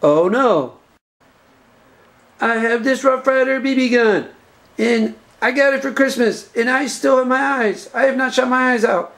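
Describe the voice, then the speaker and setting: A man voicing an earnest nerdy boy with glasses and a BB gun in a home-made comedy movie, delivering lines deadpan. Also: very high-pitched, unhurried, heavily acted. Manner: deadpan, plodding announcement-style lines.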